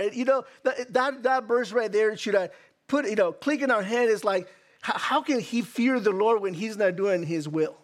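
A male preacher giving an animated sermon, full of stammered restarts and rhetorical questions. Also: high-pitched, moderate pace.

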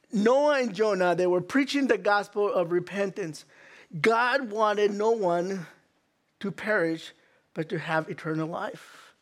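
A male preacher with a high voice delivers an animated sermon. He stammers and restarts often. He keeps throwing rhetorical questions at his listeners.

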